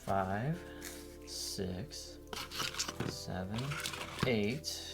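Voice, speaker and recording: Slow talking guy doing a sarcastic unboxing vlog, loud music behind. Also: lowish voice, expressive, gravelly. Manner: dry, wry and sarcastic. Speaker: vlogger. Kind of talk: casual unboxing commentary.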